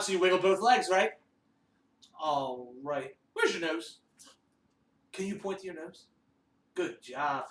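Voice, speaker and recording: Upbeat male kids' music teacher with a lively, bouncing delivery, heard from a distance in a roomy, echoing space. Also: high voice, a little slow. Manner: animated, sing-song directions. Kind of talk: children's music lesson. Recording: roomy echo, distant mic, faint noise.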